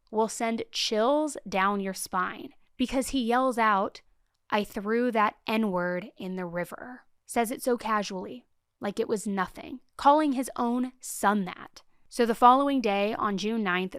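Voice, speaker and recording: A young woman talks through a true crime case like she is chatting with a friend, emphatic and openly indignant. Her voice is smooth and clean. The sound is dry and close to the mic. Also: medium pitch, a bit bright, dry recording. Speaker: true crime podcast host. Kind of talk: casual true crime commentary.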